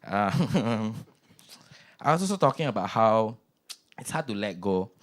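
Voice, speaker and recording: A man's voice: fairly low pitch, slow. Singaporean guy hosting open mic standup, chatty, bouncy voice all over the place. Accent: Singaporean English. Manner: chatty, animated, self-mocking. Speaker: comedy open mic host. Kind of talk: stand-up comedy.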